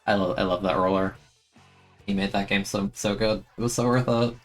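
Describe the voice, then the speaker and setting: A young man commentates his own gameplay in a lowish voice, swinging between excitable outbursts and mock despair, often stammering and repeating himself. Faint game music plays behind him. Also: normal speed. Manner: excitable, giggly, self-mocking, stammers and repeats words. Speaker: streamer playing a video game.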